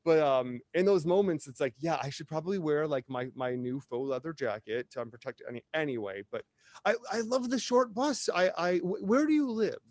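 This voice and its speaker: A man from Wisconsin with a Wisconsin accent, telling stories in an animated, chatty way as a podcast guest. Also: fairly high pitch, a little fast, no room sound, studio quality. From Wisconsin, USA. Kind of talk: casual chat.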